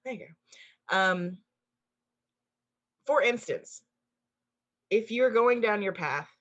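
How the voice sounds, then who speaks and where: A woman co-hosting a casual podcast chat, talking in an animated, emphatic way and swearing casually. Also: fairly low pitch. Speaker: co-host, intuitive channeler. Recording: dull lo-fi sound.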